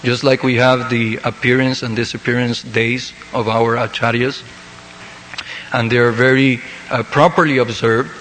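A man from South America gives a loose devotional talk, pausing often and restarting his sentences. His voice sits at a middling pitch and carries a long hall reverb, with faint ambient noise behind him. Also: fairly even intonation, a bit bright. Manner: hesitant, many fillers and restarts. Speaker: devotional speaker. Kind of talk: unscripted sermon.

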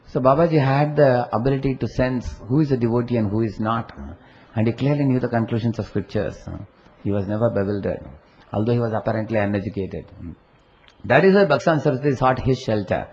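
A man, a spiritual teacher, giving a devotional sermon in a measured way, often pausing on "uh", "hmm" and "huh?". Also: fairly low pitch, a little mellow. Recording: muffled with faint hiss.

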